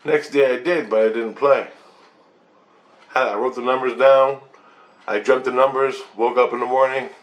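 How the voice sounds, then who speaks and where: A man talking casually to camera about his spiritual experiences, animated and swearing at times. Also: medium pitch, normal speed, long pauses. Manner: animated, swearing, quoting others in changing voices. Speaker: vlogger sharing spiritual experiences. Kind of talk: casual monologue. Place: low-income apartment.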